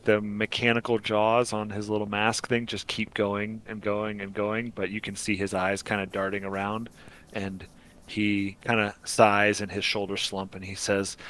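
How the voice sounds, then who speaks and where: Man, game master, casual narration, fairly low voice. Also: fairly bright tone, poor audio.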